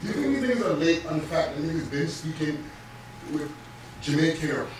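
A man's voice: a little high, animated, brisk, far from the mic. A man hosting a casual podcast, laid-back and profane, rambling as he talks. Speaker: podcast host. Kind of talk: casual chat. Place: room, streamed live on a phone. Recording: echoey room, off-mic, background noise.

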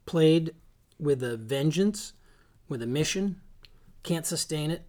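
A man's voice: on the high side, expressive, takes it slowly, darkish tone. A man co-hosting a sports podcast, tossing in short dry quips in casual chat.

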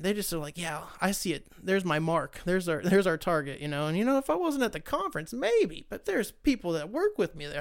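Smooth-voiced young man ranting casually. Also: fairly high pitch. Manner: loose, profane, sarcastic ranting. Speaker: podcast host. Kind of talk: casual solo podcast chat.

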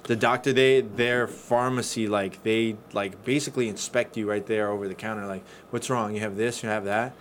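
A man co-hosting a podcast, telling stories in casual chat, animated and swearing freely. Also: fairly low pitch, moderate pace, few pauses, slight background noise. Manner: profane, animated storyteller. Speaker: podcast co-host.

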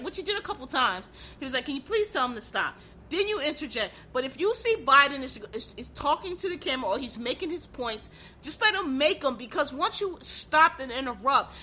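Female solo commentator, forceful and bright, animated rambling delivery with profanity. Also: sits high. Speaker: political commentator.

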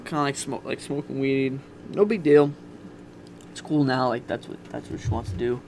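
A man's voice: mid-range voice, normal speed, gravelly, a little mellow, a little hiss or hum. A young man casually telling a candid, profane personal story on a podcast. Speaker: podcast guest.

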